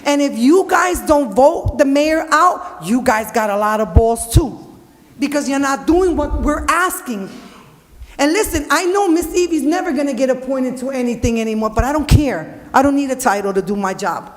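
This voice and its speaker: A woman's voice: high-pitched, animated, normal speed. A woman speaking during public comment at a city council meeting, blunt, emotional and profane. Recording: long reverb of a council hall.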